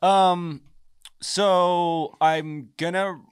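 A man guest on a podcast, telling a story in a casual, animated way and swearing freely as he acts out the lines of others. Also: high-pitched, very slow, clean tone, no room sound, studio quality.

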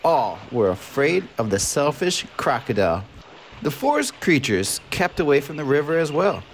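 A man narrating a children's picture book aloud, lively and expressive, putting on voices for the animals. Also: on the high side, moderate pace, slight background noise. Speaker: storybook narrator.

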